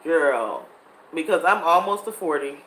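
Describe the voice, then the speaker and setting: A woman's voice: low voice, lively intonation, a little slow, a bit bright, slight background noise. A woman, chatting casually and animatedly with her viewers and laughing often. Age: 30s. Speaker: vlogger. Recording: echoey room with faint ambience.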